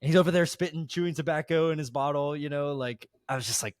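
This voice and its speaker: A man's voice: fairly high pitch, steady tone, fast, hardly any pauses, no room sound, studio quality. A man chatting on a podcast, telling a long story in a rambling way with many restarts and fillers. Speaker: podcast guest. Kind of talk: casual podcast chat.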